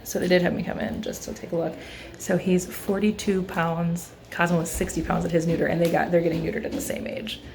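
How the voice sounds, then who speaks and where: A woman's voice: little pitch movement, brisk, creaky, darkish tone, slight background noise. Chatty woman vlogging about her dogs. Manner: chatty, talks to her dogs in a high coaxing voice. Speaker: vlogger and pet owner. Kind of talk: casual vlog chat. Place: home, then car and vet office.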